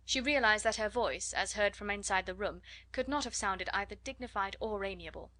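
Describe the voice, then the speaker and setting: A woman narrating a classic children's novel in a measured storytelling manner. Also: medium pitch, sharp tone, dry recording. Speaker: audiobook narrator. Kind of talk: scripted audiobook narration.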